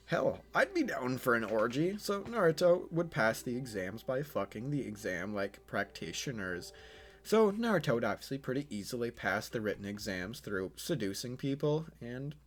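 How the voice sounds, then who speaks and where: Rambling, profane male storyteller. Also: medium pitch. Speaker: YouTube storyteller. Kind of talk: casual what-if story narration.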